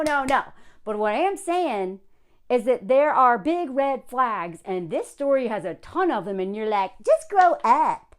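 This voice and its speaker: Lady vlogger ranting at an advice column, high voice, sarcastic, swoops all over the place. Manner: exasperated, sarcastic, talks straight to the column writer. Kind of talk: casual commentary reading aloud.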